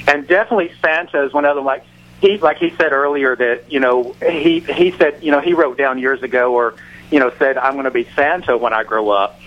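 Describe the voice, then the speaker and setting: A man's voice: mid-range voice, muffled recording. A man with a Southern accent phones in to a radio show. He talks casually and hesitantly, full of restarts and fillers. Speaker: caller. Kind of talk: casual chat on a radio call-in.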